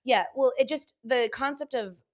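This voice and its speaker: A woman's voice: high voice, normal speed. A woman with a Southern California Valley girl accent, a comedian guest on a podcast, talking candidly and animatedly with frequent laughs and restarted sentences. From Los Angeles. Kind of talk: casual podcast chat.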